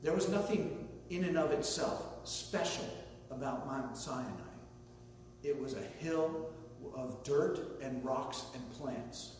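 A man's voice: medium pitch, darkish tone. Male pastor preaching in an echoey hall. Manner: conversational, with story asides and light humor. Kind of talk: sermon. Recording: echoey hall from far off, faint hum.

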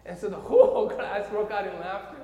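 A man's voice: high voice, brisk. Korean-accented guy telling a story in a sermon, keeps going "okay? right?", big echoey hall. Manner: animated storyteller, often checks in with "okay?" and "right?". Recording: echoey hall with long reverb.

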